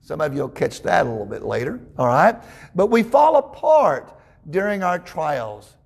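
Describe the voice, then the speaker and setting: Guy preaching a sermon, kinda high voice, lots of stumbles and "all right?" asides. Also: big pitch swings, normal speed, gravelly, husky. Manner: folksy storytelling, frequent stammered restarts.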